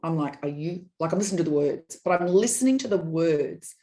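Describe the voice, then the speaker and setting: A middle-aged woman, a podcast guest, telling personal stories in an animated, digressive way and acting out quoted dialogue. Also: lowish voice, fast talker. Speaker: guest, business consultant. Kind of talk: candid personal storytelling in a podcast interview.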